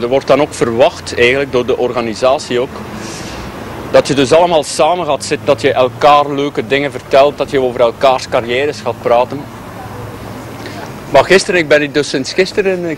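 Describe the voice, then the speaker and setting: A man reflecting in an interview, speaking thoughtfully with hesitant pauses. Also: medium pitch, slight background noise. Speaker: festival performer interviewed.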